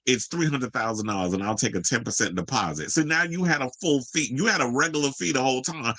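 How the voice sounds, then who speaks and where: A man's voice: medium pitch, sharp tone, no room sound, low-quality recording. A man doing sassy, profane commentary on pop culture news, mocking and sarcastic as he reads and reacts. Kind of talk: ranting commentary video.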